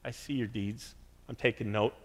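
A man voicing Jesus in a low, quiet, measured and solemn tone. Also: steady tone, close to an everyday voice. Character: Jesus, calm grave male speaker. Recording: reverberant church hall.

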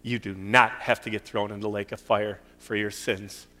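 A man's voice: lowish voice, flat delivery, moderate pace, bright, forceful tone. Earnest middle-aged preacher man, pleading tone, church hall echo. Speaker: pastor. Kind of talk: sermon with closing prayer. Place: church sanctuary. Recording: long hall reverb.

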